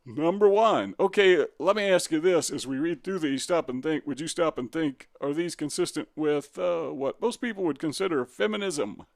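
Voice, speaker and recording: A man's voice: a little high, animated, normal speed, vocal fry, hardly any pauses, no echo, studio quality. Sarcastic, combative male commentator. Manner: sarcastic, combative, asks rhetorical questions. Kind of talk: opinion commentary reading from a web page.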